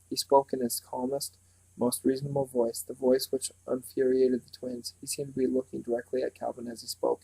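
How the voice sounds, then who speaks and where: A man reading a novel aloud at a steady pace, with small slips and restarts. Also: medium pitch, gravelly, breathy edge, low-quality recording. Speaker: reader.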